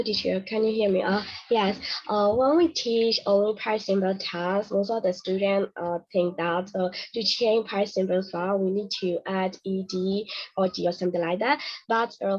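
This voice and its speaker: A woman speaks hesitantly over a video call, with many fillers, and sometimes rushes through her points. The call audio sounds dull and lo-fi, and her pitch sits at an ordinary middle level. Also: a little mellow. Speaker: teacher trainee. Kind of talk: online class discussion.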